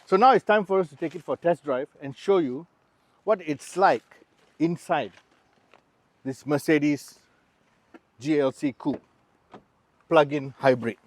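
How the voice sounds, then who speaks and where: A man's voice: on the high side, measured pace, long pauses. A man giving a chatty, explanatory car review, talking straight to the viewer beside and inside the car. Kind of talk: casual car review walkaround.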